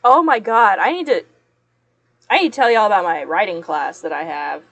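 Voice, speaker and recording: A woman's voice: medium pitch, moderate pace, fairly bright tone, no room sound. A young woman chatting casually to her viewers while she works, rambling and laughing often. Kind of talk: casual chat while working.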